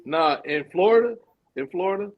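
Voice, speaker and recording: A man co-hosting a casual podcast chat, telling animated stories, repeating himself and laughing often. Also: high-pitched, normal speed, muffled recording. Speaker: podcast co-host.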